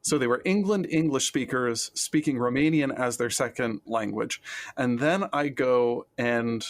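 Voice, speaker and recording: An American man co-hosting a podcast, telling lively anecdotes in casual chat. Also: medium pitch, measured pace. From United States. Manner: animated anecdote teller who acts out quoted lines. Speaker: podcast co-host.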